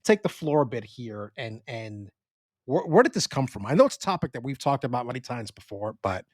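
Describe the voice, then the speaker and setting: A man co-hosting a casual sports podcast with a New York accent, talking in an animated way with frequent swearing and restarts. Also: medium pitch, a little fast, dry recording, clean studio sound. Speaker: podcast co-host.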